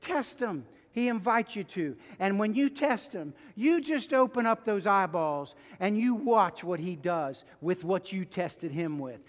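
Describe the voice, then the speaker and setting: High-pitched guy pastor, preaching casual-like, lots of repeats, church sanctuary with long echo. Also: animated, measured pace, hardly any pauses. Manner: conversational preaching with repetitions and stories. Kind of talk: sermon.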